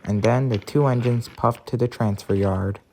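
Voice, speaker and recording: A man tells a fan-made engine story in plain, steady narration. His pitch sits in the middle range, and nothing about his delivery stands out. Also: moderate pace, creaky, a little hiss or hum.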